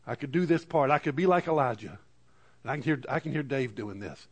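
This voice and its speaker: A man preaching to a congregation, reading scripture dramatically with lively asides and stammered restarts. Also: mid-range voice, brisk, husky. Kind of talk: sermon. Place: church in front of a congregation.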